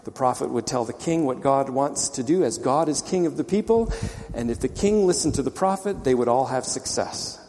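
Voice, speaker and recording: A man's voice: mid-range voice, expressive, normal speed, darkish tone, long reverb tail. A man pastor preaching a conversational sermon, explaining scripture and asking rhetorical questions.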